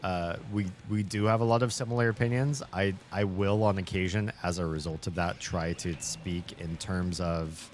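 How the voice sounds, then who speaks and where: A man's voice: sits low, fairly even intonation, normal speed, few pauses, slight background noise. A male streamer hosting a casual chat while gaming, rambling thoughtfully and laughing often. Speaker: streamer and host.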